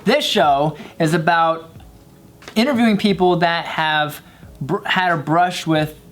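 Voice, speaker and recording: A man's voice: a little high, slow, fairly bright tone. A man hosting a casual panel chat, talking hesitantly with many fillers. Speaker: host.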